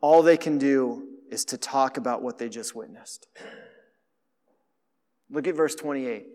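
A man preaching a sermon in a conversational way that swings between hushed, quiet passages and emphatic ones. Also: medium pitch, unhurried, big-room sound.

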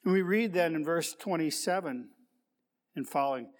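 A man's voice: fairly high pitch, normal speed. A male pastor delivering a sermon, reflective and full of rhetorical questions and repeated key words. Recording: long reverb of a large hall.

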